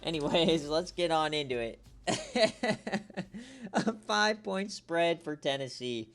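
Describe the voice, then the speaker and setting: A man giving casual, joking live-stream commentary on a league game as its host, teasing players and getting loud and excited at big plays. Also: on the high side, slow pace, faint music behind.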